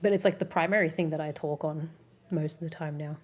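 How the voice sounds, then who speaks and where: Young Australian woman streamer, low voice, rambling and giggly, lots of fillers. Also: steady tone, brisk, a little mellow. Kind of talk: casual chat with live chat.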